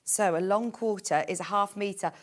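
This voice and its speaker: On a live TV shopping channel, a woman with a medium-pitched voice and an ordinary pace gushes cheerfully about the merchandise, calling out item numbers and prices as she makes her pitch.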